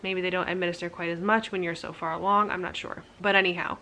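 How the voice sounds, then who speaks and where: A woman's voice: fairly low pitch, flat delivery, fast, bright, forceful tone, a little hiss or hum. A young woman casually telling her birth story to camera, candid and chatty, full of "like" fillers and self-mocking laughs.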